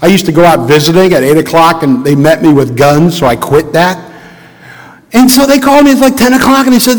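A middle-aged male pastor with a slightly high voice preaches a sermon at a moderate pace. He tells a personal story in an earnest, reflective way and asks rhetorical questions. The long reverb of a large hall surrounds his voice.

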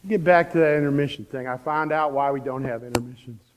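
A man preaching a sermon as the pastor, telling a story with animated, repetitive emphasis. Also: mid-range voice, quick pace, background noise. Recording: long reverb of a church hall.

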